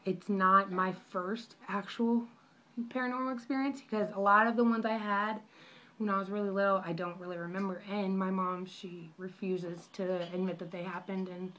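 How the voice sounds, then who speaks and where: A woman's voice: medium pitch, fairly even intonation, moderate pace, fairly bright tone. A young woman telling a story in a casual vlog, rambling and apologetic with many restarts, recorded on her phone at home. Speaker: vlogger.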